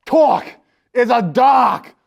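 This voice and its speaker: A man playing a boastful evil warrior noble in a wavering put-on British accent, shouting grandiose proclamations. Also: very high-pitched, lively intonation, very slow, vocal fry, lo-fi sound, exaggerated voice. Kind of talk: comedic tabletop role-play.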